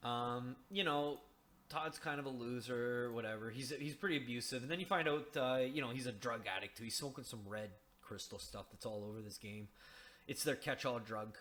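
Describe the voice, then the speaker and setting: A man's voice: mid-range voice, moderate pace, fairly bright tone. A man casually discussing a video game in a sarcastic, mocking way, rambling with many restarts and the odd swear word.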